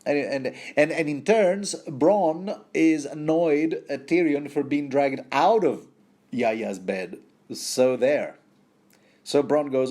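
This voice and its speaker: A man's voice: on the high side, slow pace, warm tone. A man giving a rambling, casual book commentary, full of fillers and wry asides.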